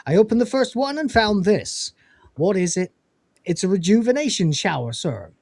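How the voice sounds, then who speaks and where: This is a high-pitched man on a recording free of room sound. In casual recap chat on his episode-review podcast, he retells scenes animatedly and plays out the characters' lines.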